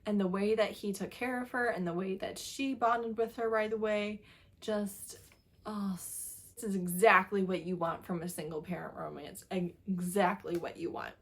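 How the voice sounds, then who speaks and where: A woman's voice: medium pitch, normal speed. Chatty woman gushing about books she read, lots of laughing. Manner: gushing, animated, laughs often. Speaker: book reviewer. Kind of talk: casual book review vlog.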